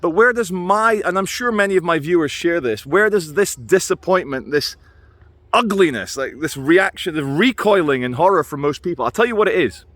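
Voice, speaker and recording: A man's voice: high-pitched, expressive, normal speed, a bit bright, dry recording. A man rambling through a wry, meandering vlog monologue, musing aloud with asides while out on a walk and filming himself. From Britain. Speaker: video blogger. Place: outdoors on a walk.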